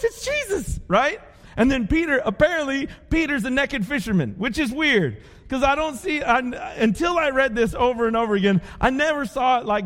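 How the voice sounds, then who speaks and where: A man preaching a sermon as pastor, telling stories with playful voices for the people in them. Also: very high-pitched. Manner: animated storytelling with playful character voices. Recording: long hall reverb.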